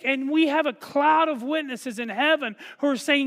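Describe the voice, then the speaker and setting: A man preaches in a high voice, earnest and urging, swelling into loud repeated calls. His sermon carries a long hall reverb from a church livestream. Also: moderate pace, hardly any pauses. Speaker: pastor. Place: church sanctuary.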